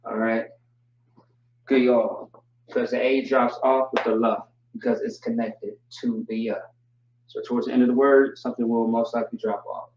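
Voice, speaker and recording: Man teaching, flat voice, roomy and far-off. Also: medium pitch, slight background noise. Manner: relaxed, joking, spells words out slowly. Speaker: language teacher. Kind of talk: online class lesson. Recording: distant, roomy, dull mic sound.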